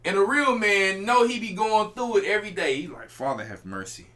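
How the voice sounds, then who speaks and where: A high-voiced man preaching as a church elder, his pitch swinging widely as he drives his points home. His tone is bright and forceful, and he talks to the congregation directly in a loose, conversational sermon style. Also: animated, brisk. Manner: emphatic, colloquial preaching with direct address to listeners. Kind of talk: informal sermon teaching.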